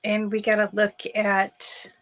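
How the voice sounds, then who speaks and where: A woman's voice: medium pitch, monotone, slow pace, fairly bright tone. A woman hosting a live crafting stream, chatting casually and thinking aloud as she works. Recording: noisy room recording.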